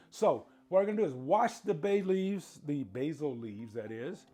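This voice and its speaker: A man's voice: fairly high pitch, animated, normal speed, few pauses, warm tone, husky, soft background music. A middle-aged man hosting a cooking show, chatty and playful, talking straight to his viewers as he cooks. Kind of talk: casual cooking demonstration.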